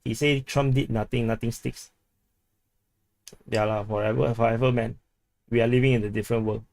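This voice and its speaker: A man's voice: mid-range voice, steady tone, moderate pace, creaky, a little mellow, no room sound. Chatty Singaporean man streaming live. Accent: Singaporean English. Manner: chatty, repeats words, laughs often. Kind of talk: casual live stream chat reading comments.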